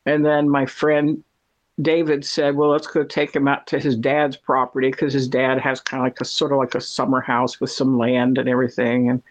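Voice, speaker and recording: A middle-aged woman telling a story in casual chat, chatty and animated, laughing often. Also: a bass voice, moderate pace. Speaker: cat owner telling a story.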